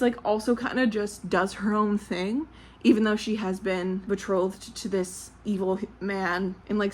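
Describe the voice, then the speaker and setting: A woman's voice: mid-range voice, slight background noise. A young woman chatting casually about books for her vlog, candid and blunt, swearing freely and laughing often. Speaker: book vlogger. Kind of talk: casual chat.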